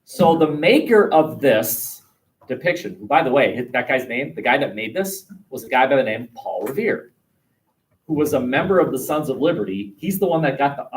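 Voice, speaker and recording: A man teaching a history class, leading a discussion with students and telling jokes with lively voices. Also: mid-range voice, moderate pace, distant mic, rough recording. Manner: animated, acts out a joke with big voices.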